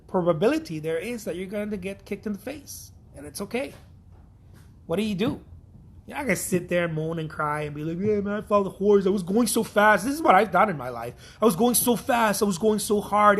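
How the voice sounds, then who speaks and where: A man talks straight to the camera in a casual motivational vlog. His voice sits high and sounds husky. He swears freely and circles back over the same points again and again. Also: a bit bright. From Mexico. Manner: blunt, profane, repetitive pep talk. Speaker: artist.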